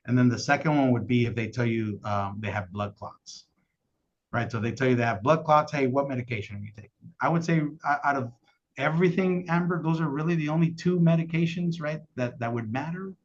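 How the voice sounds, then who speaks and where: A man's voice: medium pitch, fairly quick. Upbeat man training sales agents. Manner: energetic, keeps asking "right?". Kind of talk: casual training call. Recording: dull lo-fi call audio.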